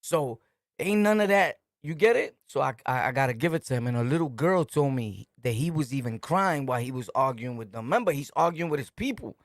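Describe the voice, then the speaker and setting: Speaking at medium pitch with lively intonation and a fairly quick pace, a middle-aged New Yorker from Brooklyn hosts a podcast. He spins street stories in emphatic slang and laughs a lot, all in a casual monologue captured dry and at studio quality.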